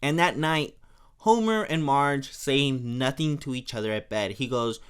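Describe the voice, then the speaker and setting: A man's voice: mid-range voice, unhurried, clear, resonant tone. Rambling young man recapping a cartoon. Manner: rambling, chatty, lots of fillers. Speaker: podcast host. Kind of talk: casual episode recap.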